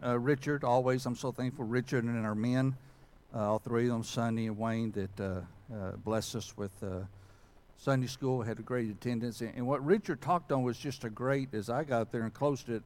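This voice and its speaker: A man preaching as pastor, talking in a folksy, self-deprecating way and filling pauses with "uh". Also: medium pitch, darkish tone, slight background noise. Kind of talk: conversational sermon and prayer.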